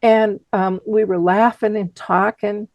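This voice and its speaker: A woman's voice: medium pitch, fairly even intonation, slow pace, darkish tone, no room sound, highs cut off. A woman voicing her teenage daughter, who sounds tearful and defensive. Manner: tearful, protesting. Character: upset teenage granddaughter, defensive.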